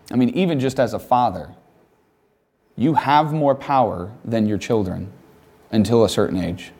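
Male campus speaker, conversational and wry, acts out quotes, middle pitch. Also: a little mellow. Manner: casual, joking asides, acts out quotes. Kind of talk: conversational chapel talk.

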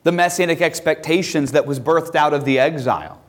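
A man teaching a classroom Bible lesson, talking emphatically and reading scripture aloud in a raised voice. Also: fairly quick. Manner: emphatic, reads scripture aloud with rising pitch.

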